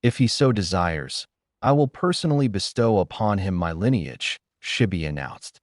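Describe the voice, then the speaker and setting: A man's voice: low voice, expressive, normal speed, no room sound, clean studio sound. A man narrating a fan fiction story, reading it aloud.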